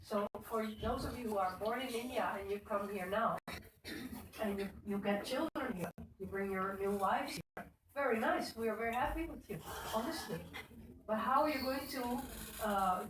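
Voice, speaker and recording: Middle-aged woman, chatty devotional talk, roomy echo, set back from the mic. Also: medium pitch. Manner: conversational, addresses listeners by name. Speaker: speaker at a temple Sunday program. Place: temple hall. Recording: echoey room, speaker far from mic, faint noise.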